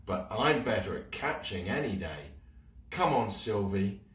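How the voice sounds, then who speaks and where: A man's voice: lowish voice, big pitch swings, a little slow, fairly bright tone, recorded from a distance. A plucky, cheerful boy calls out in a hearty, teasing way, as a man reading a storybook plays him. The sound is roomy and set back from the mic. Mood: encouraging.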